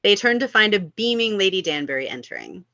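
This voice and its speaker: A woman reading stage directions at a table read, expressive with amused asides. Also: mid-range voice, a little fast, dry recording. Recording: dull lo-fi sound.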